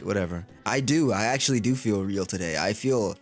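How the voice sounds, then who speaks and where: A man's voice: on the low side, brisk, soft background music. Joking, profane man playing a game. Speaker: gaming content creator. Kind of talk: casual game playthrough commentary.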